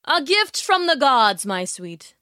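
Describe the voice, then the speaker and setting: A woman's voice: high voice, sing-song, slow, pushed and bright, no echo, studio quality, voice pushed up, exaggerated voice. A woman voicing a greedy, gold-loving male king who sings and muses aloud. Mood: eager. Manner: sings to guitar, then speaks in musing asides. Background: guitar music.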